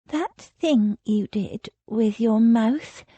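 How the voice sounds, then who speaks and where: A woman's voice: fairly high pitch, very slow, mellow, breathy edge, no room sound, heavily acted. A woman reading an audiobook voices a spirited young noblewoman with an eager, pressing manner.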